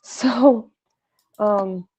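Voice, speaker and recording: A woman doing a tarot card reading as a guest on a live stream, speaking calmly and earnestly. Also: mid-range voice, drawn-out words, lo-fi sound, slight background noise. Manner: calm, earnest readings with fillers.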